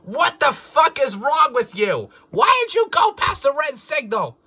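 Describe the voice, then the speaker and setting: A man's voice: on the high side, wildly swooping pitch, brisk, pushed and bright, pitched above the performer's own voice, full character voice. Man putting on a cross old station keeper. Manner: scolding, then gruffly agreeable. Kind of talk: improv parody redub. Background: music.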